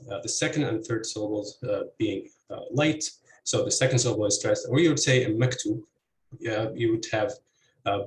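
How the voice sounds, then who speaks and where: A man's voice: medium pitch, reverberant, a little hiss or hum, low-quality recording. A man giving an academic presentation on linguistics, explaining methodically with many hesitations and fillers, over what sounds like a computer mic on a video call.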